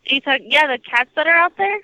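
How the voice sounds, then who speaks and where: A woman's voice: high-pitched, lively intonation, fairly quick, bright, forceful tone, no room sound. A woman on the phone, answering hesitantly and politely as the target of a prank call. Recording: muffled phone line.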